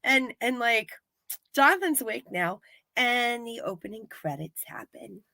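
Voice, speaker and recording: A woman co-hosting a casual live-stream, retelling an episode in animated fashion and acting out quotes. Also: on the high side, measured pace, gravelly, no echo. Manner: animated storyteller, acts out quotes. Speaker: podcast co-host recapping a TV episode. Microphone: live-stream setup.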